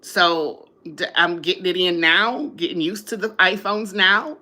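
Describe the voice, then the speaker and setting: A woman's voice: lowish voice, unhurried, bright, forceful tone. A woman hosting a casual live stream, chatting with viewers, laughing often and sounding drowsy after a meal. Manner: sleepy after eating.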